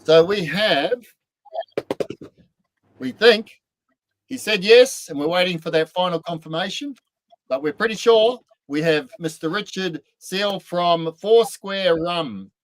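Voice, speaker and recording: Animated man, slightly high, dry. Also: slow, no room sound, rough recording. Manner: animated, laughing storyteller. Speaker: podcast co-host. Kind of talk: casual chat.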